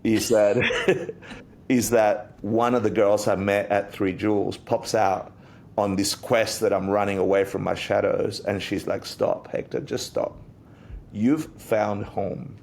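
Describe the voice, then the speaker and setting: A man, a guest on an interview podcast, telling a personal story in a lively way and acting out the voices in it. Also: lowish voice, a little slow, gravelly, slight background noise. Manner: animated storyteller, acts out quotes. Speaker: interview guest, Buddhist teacher.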